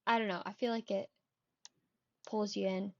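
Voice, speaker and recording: A woman co-hosting a podcast in relaxed, casual book chat. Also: mid-range voice, moderate pace, dry recording, highs cut off. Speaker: podcast co-host.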